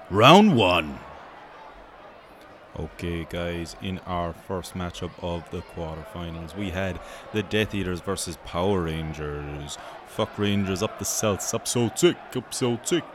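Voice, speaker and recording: Low-voiced Irish man, sweary banter. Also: a little hiss or hum. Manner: profane, joking, rambling banter. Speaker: host. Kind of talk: mock sports commentary.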